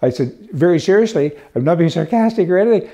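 A man's voice: sits high, lively intonation, fast, dark tone, muffled recording. An older man hosting a talk show, rambling through folksy jokes and stories in a casual way, with frequent restarts. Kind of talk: casual joke-telling and commentary.

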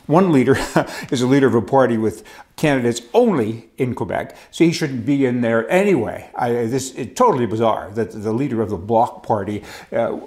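A man's voice: mid-range voice, darkish tone. A man giving rambling, sarcastic political commentary in a folksy vlog. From Canada.

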